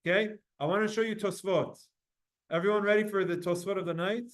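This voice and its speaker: A man teaching a live Talmud class, slowly sounding out Hebrew phrases word by word to his students. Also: high-pitched. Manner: animated, drawn-out recitation of Hebrew phrases.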